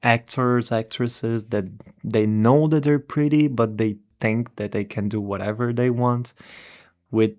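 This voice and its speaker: A man's voice: medium pitch, steady tone, measured pace, a little mellow, faint music behind. A man giving a rambling, irreverent movie review, swearing and restarting his sentences.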